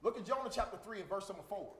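A man preaching a sermon, emphatic and repetitive, swinging from shouted lines to quiet murmurs. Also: sits high, lively intonation, rapid-fire.

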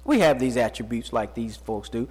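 A man preaching a sermon who reads scripture slowly, then talks to the congregation in plain, folksy speech, his voice jumping up and dropping low. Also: lively intonation, a little mellow, breathy edge. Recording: long reverb of a large hall.

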